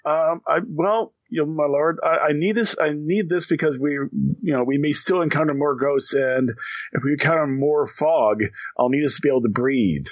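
A man's voice: on the high side, no room sound. Guy playing a tabletop rpg, trips over his first words, dull dry audio. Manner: halting, stammering starts. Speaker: player. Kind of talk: tabletop role-play.

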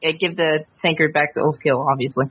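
Player, male, casual and quick, husky, dry lo-fi recording. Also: a little high, steady tone, no room sound. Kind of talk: playing a tabletop game.

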